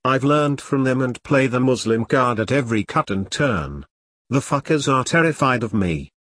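A man's voice: medium pitch, animated, normal speed, a bit bright, a little hiss or hum, lightly acted. A man voicing a fierce foul-mouthed woman. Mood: defiant. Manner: blunt, defiant, profane. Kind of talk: audiobook character reading.

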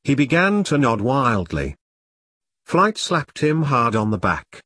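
A man narrating a dark comic story in a steady audiobook reading. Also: mid-range voice, takes it slowly, husky, no room sound.

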